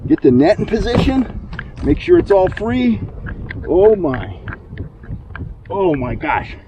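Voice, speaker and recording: A middle-aged man hosting a fishing vlog from a boat on a lake, talking through his gear and getting loudly excited when fish bite. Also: sits high, slow, dull audio, noisy background. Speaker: fishing channel host. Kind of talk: outdoor fishing vlog narration.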